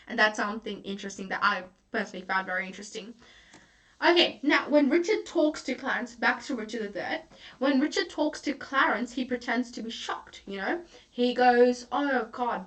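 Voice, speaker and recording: A woman's voice: fairly high pitch, a bit bright, far from the mic. A young woman tutoring an online literature lecture, chatty, with many fillers and self-corrections.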